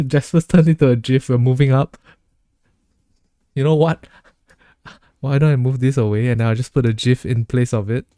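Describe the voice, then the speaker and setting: A male streamer chatting loosely with his viewers, joking and laughing as he goes. His voice is mellow and a little dark, recorded close and dry with no room sound. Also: mid-range voice, fairly even intonation, moderate pace, no room sound. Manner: joking, laughs often, reads chat aloud. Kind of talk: casual live-stream chat.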